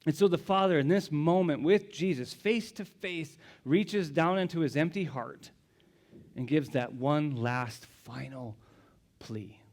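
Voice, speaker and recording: A man's voice: on the high side, unhurried. Dramatic male pastor preaching. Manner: dramatic storytelling, swinging from hushed whispers to raised exclamations. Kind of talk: sermon.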